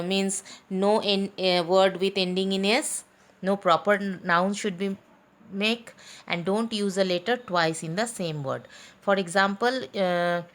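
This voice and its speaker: A woman teacher leads a recorded lesson for children. She speaks very slowly and deliberately, spelling words letter by letter and pausing often with fillers. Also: mid-range voice. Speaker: school teacher. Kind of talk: recorded online class.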